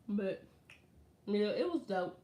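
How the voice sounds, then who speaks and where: A woman vlogger in casual chat, telling stories in an animated, slangy way. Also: on the high side, dull audio. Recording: roomy echo.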